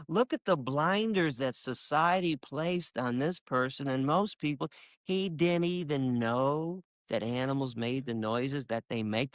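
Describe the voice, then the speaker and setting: Recorded dry and at studio quality, this animal rights activist from Michigan is interviewed and speaks with fervor. He narrates emphatically in a conversational style, jumping sharply in pitch whenever he acts out what people said.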